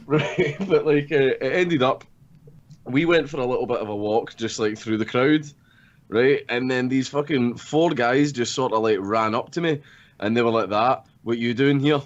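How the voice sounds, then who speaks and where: A man's voice: medium pitch, moderate pace. A young Scottish man spins a rambling, swear-laden story in loose podcast chatter, breaking into laughter often. His voice sits mid-range for a man, and the audio is a little dull and lo-fi. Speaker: podcast co-host telling a story. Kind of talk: casual storytelling chat.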